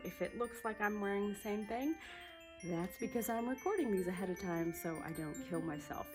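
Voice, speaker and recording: A woman vlogging about crafts in a chatty, excited way, a little out of breath. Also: mid-range voice. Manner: excited, chatty, laughs often. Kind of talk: casual chat to camera.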